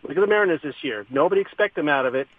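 A male caller on a sports radio show who argues fast and heatedly, heard over a phone line. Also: a little high, animated, slightly rough, dry recording. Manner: rapid ranting argument.

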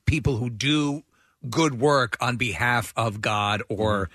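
A man's voice: medium pitch, fairly even intonation, slow, a bit bright, dry recording, studio quality. A man co-hosting a casual chat, sarcastic and scornful. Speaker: co-host.

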